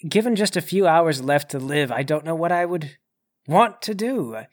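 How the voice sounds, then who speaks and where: A man's voice: fairly high pitch, lively intonation, normal speed. A man playing a tabletop game, talking in a wry, rambling way. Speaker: player.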